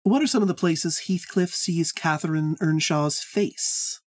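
A podcast host with a medium-pitched voice runs a casual book club pop quiz, teasing and cursing as she rushes through explanations in quick bursts. There's no room sound.

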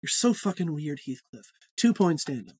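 A woman's voice: deep voice, animated, moderate pace, darkish tone, husky. A woman hosting a podcast book quiz, playful, handing out points. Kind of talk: casual podcast chat.

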